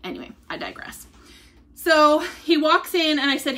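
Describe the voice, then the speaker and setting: A woman's voice: sits high, big pitch swings, normal speed, sharp tone. A middle-aged woman chatting casually on a livestream, rambling through stories and laughing often as she digresses. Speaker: vlogger selling wellness drinks.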